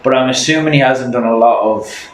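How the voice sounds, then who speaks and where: An easygoing young Irish man hosts a reaction video and explains things casually. His voice is mid-pitched, and it sounds roomy with a faint hiss behind it. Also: a little fast. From Ireland. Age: young adult. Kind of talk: casual chat.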